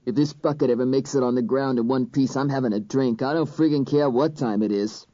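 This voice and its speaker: An audiobook narrator voicing a crude, sarcastic middle-aged male cop in a lower, rougher voice. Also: brisk, dark tone, dry recording, natural voice. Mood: grumbling. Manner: blunt, sarcastic, slangy. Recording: dull, dry recording.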